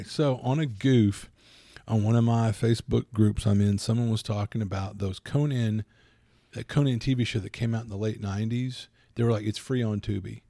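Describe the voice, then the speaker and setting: A man co-hosting a casual podcast chat, rambling and animated, acting out little quoted voices, foggy from allergies. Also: mid-range voice, no echo, clean studio sound. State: addled by allergies. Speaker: podcast co-host.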